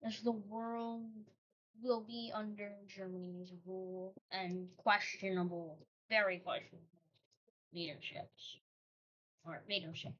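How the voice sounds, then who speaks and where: A woman's voice: medium pitch, fairly even intonation, a little slow, a bit bright. A woman host telling a made-up history story in a casual, rambling way, breaking off into joking asides. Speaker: channel host. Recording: dull lo-fi recording.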